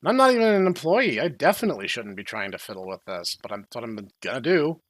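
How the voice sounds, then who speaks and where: A young man doing sarcastic, deadpan commentary while playing a horror game. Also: mid-range voice, quick pace, no room sound. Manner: deadpan, dry sarcastic asides. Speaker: game streamer. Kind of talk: sarcastic let's-play commentary.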